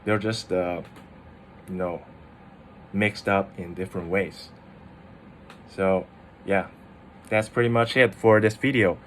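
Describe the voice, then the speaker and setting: A man's voice: low-pitched, steady tone, takes it slowly, long pauses, slight background noise. A young man who is a native Chinese speaker gives a casual, chatty video lesson on tones, laughing often and playing with his voice. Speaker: Chinese tutor.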